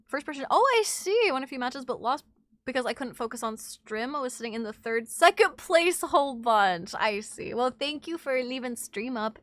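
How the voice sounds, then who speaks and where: A woman streamer with a high, bright voice chats easily with her audience. She reads messages aloud, swears freely, and sounds a touch under the weather. Her voice is recorded dry and close on a desk mic. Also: dry recording. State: a bit sick. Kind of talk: casual live-stream chat.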